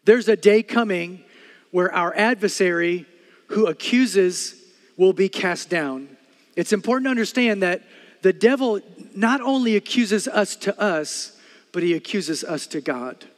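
A middle-aged man preaching a sermon as pastor, telling stories with loud bursts and quiet earnest stretches. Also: sits high, animated, measured pace, big-room sound.

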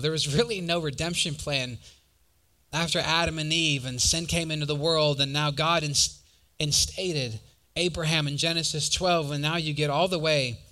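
A young man preaching a sermon, telling stories in a conversational, animated way and asking the audience questions. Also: fairly high pitch.

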